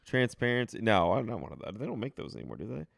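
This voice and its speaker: A man's voice: medium pitch, sing-song, fast, gravelly, dry recording, studio quality. A laid-back, wry man co-hosting a podcast in casual chat. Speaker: podcast co-host.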